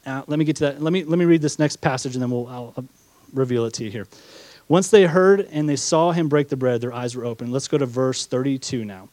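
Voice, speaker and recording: Here the pastor's voice sits in the mid-range, quick and dark in tone, with no echo. He reads scripture aloud, explains it using rhetorical questions, and acts out the disciples' doubts through quoted asides.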